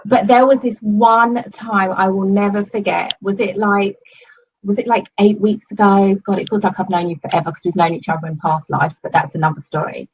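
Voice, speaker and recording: A woman's voice: medium pitch, little pitch movement, moderate pace, husky, dull audio. A woman giving a casual testimonial to her coach, gushing and swearing often, with many fillers. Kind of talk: casual video-call testimonial.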